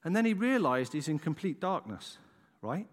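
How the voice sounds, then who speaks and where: A man's voice: fairly high pitch, normal speed. A middle-aged English man preaching, telling a story dramatically and checking in with the listeners as he goes. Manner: animated, dramatic storytelling with frequent "right?" asides. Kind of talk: storytelling sermon. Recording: long hall reverb.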